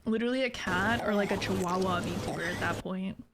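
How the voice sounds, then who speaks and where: A woman's voice: medium pitch, fairly quick, heavy background noise. A woman in her late twenties, a streamer chatting casually with her chat, giggly and swearing freely. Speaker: VTuber streamer.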